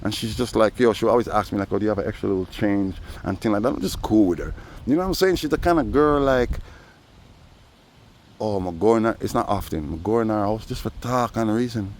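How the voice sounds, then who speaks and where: A man talks in a loose, rambling vlog monologue, his voice sitting somewhat low. He is outdoors, peppering every thought with "you know", while faint traffic hums behind him. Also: lively intonation, fairly quick, a little mellow. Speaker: vlogger. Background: faint traffic noise.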